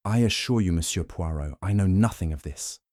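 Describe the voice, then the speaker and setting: A man's voice: low voice, fairly quick, a little mellow, no echo, studio quality, natural voice. A man voicing an evasive, defensive aristocratic male host with polite assurances in an audiobook. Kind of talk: audiobook narration.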